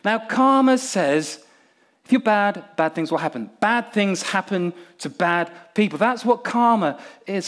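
A man from Nigeria preaching a sermon in an animated, humorous way, acting out crowd responses. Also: sits high, measured pace.

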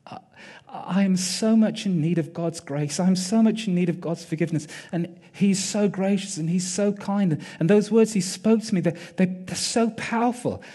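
A man voicing a repentant woman's tearful, halting inner thoughts in a sermon retelling. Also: sits high, warm tone. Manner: halting, earnest inner monologue. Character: weeping repentant woman, overwhelmed and flustered.

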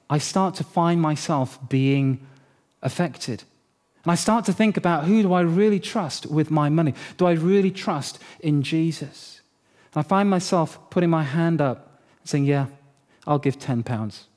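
A middle-aged man preaching a sermon as pastor, telling a story in a lively, humorous way. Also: fairly high pitch, moderate pace.

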